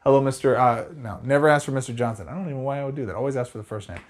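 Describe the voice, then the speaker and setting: Fast-talking energetic male sales trainer. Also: mid-range voice. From Arizona. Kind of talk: direct-to-camera sales tips.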